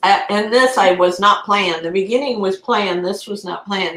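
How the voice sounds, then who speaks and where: Woman, mid pitch, co-host, warm, tearful, casual chat, echoey room. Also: moderate pace, hardly any pauses. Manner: warm, tearful, laughs easily.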